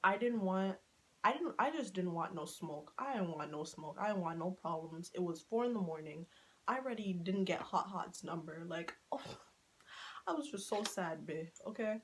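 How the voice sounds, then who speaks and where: A woman vlogger telling a dramatic personal story in a casual, animated storytime chat, swearing freely and acting out what people said. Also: fairly low pitch, normal speed, rough recording.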